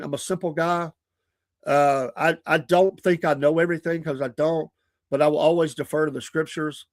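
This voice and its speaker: On his own live podcast, a man talks casually, earnestly and at length, rambling and often laughing at himself in a self-deprecating way. His voice is a little higher than most men's, with a fairly bright tone. The recording is dry and close to the mic, with no echo.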